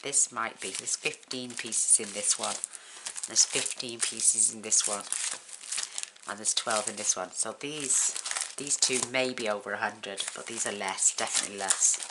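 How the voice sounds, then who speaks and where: Very deep-voiced woman crafting tutorial host. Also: noisy background. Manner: chatty, counts items aloud, talks while working.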